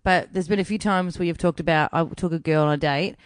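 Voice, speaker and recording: A young woman, a comedian co-hosting a podcast, excitable and crude, reacting with gasps and self-mocking jokes. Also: fairly low pitch, fairly quick, clear, resonant tone, no room sound, studio quality. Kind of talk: casual chat.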